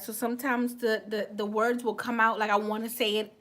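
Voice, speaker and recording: A high-pitched woman with a light West Indian accent talks through a makeup livestream in a loose, chatty way. She restarts words often and keeps thanking viewers by name. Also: little pitch movement, brisk, fairly bright tone. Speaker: beauty vlogger on a livestream. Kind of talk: casual livestream chat.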